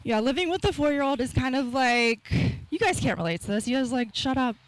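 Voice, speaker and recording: A woman doing a stand-up set in a small live comedy room, rambling and deadpan, with self-mocking asides into a stage mic. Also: high voice, fairly quick, poor audio.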